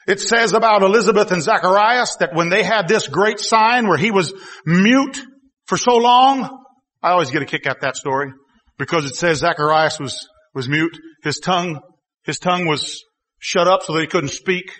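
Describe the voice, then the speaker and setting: A man preaching a sermon, telling the story in a folksy way and swinging from quiet asides to loud exclamations. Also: high-pitched, moderate pace. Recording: long hall reverb.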